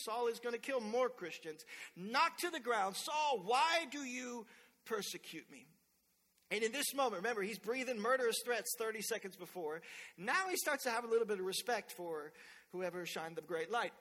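A man in his thirties preaching a sermon in church, telling stories in an animated way and acting out quotes loudly. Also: extremely high pitch, brisk. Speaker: pastor. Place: church sanctuary. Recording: long hall reverb.

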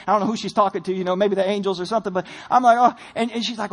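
Fast-talking man telling a sermon story. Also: sits high. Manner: storytelling, animated, self-deprecating. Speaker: preacher. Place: church sanctuary.

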